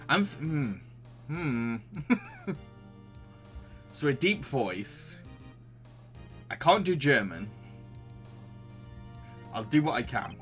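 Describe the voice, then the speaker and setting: A man's voice: fairly high pitch, sharp tone. A man with a Yorkshire accent chatting casually as a let's play gamer, self-deprecating and laughing often. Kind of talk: casual commentary while voicing a game.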